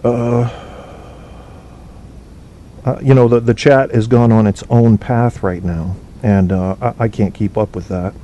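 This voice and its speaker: Recording from home on a cheap, low-quality microphone, a man hosts a casual podcast, speaking bluntly and with profanity as he rambles and reads the live chat. His tone is steady and dark, his pace measured, and he pauses often. The low-bitrate stream carries faint noise.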